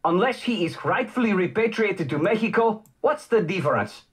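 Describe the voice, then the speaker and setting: A man's voice: high voice, animated, moderate pace. An actor playing a suave, guarded male Mexican diplomat in a mystery game, with light music behind him. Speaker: consulate official. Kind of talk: game voice acting.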